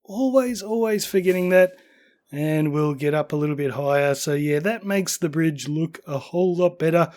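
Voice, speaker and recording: A tired, slightly hoarse man chats through a quick tour of his builds. His voice sits a touch higher than most men's, and he stays upbeat and self-deprecating despite fading at the end of a long day. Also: level tone, darkish tone. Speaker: game building channel host. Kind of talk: casual gameplay tour commentary.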